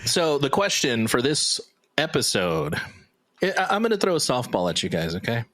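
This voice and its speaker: A man co-hosting a casual podcast, posing questions in a slow, easygoing way. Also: medium pitch, very animated, fairly bright tone, dry recording. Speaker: podcast co-host asking the questions.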